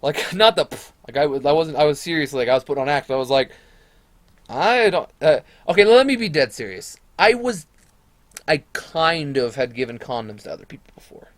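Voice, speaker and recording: A young man rambles through a story from his school days. He talks casually and swears often, and he slips into quoted voices as he goes. The sound is dry and close, with an ordinary middle pitch. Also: a little fast, dry recording. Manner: rambling, profane, animated retelling with quoted voices.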